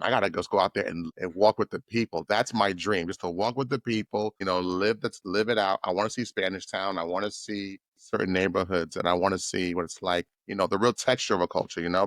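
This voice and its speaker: A man's voice: sits low, a bit bright, no room sound. A male podcast host talking enthusiastically in a casual conversation, rambling and repeating himself.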